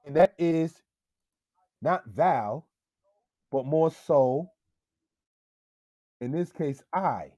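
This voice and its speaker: A man teaching Hebrew in a slow, deliberate lesson style, often checking in with "all right?" and calling his viewers family. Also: on the high side, lively intonation, mellow, dry recording, clean studio sound. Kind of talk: slow screen-share language lesson.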